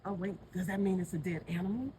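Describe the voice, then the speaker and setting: A slightly winded vlogger filming on a phone in a backyard garden, chatting to camera and coaxing a wild animal. Passing vehicles and outdoor noise are plainly heard behind the voice. The pitch sits mid-range. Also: fast talker, warm tone, low-quality recording. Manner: chatty, talks aloud to an animal, startled. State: a little out of breath. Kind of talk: casual handheld vlog commentary. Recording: outdoor audio with clear traffic noise.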